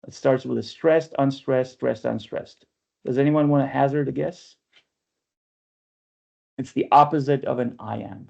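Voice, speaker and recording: Unhurried and darkish in tone, this medium-pitched male voice carries vocal fry and long pauses. He delivers an online poetry workshop lecture step by step, often checking in with "right?", and the lo-fi sound comes from a video call microphone.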